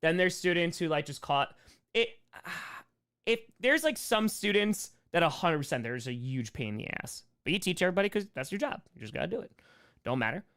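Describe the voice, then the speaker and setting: A young man with a hoarse voice, reading chat questions on a casual live-stream Q&A, jokey and fond of repeating short phrases. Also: fairly high pitch, animated, a little fast, a bit bright.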